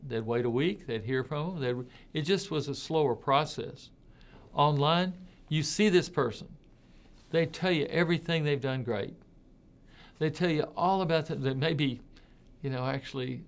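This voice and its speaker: A man giving an informal talk, speaking conversationally and leaning hard on his key points. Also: mid-range voice. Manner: conversational, repeats words while thinking, emphatic on key points. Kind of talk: informal spoken commentary.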